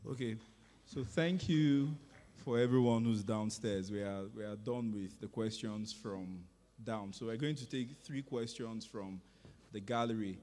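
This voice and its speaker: Slow, measured man moderating a hall. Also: on the low side, warm tone. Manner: measured, reads out audience questions. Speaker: event moderator. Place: large conference hall. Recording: long hall reverb.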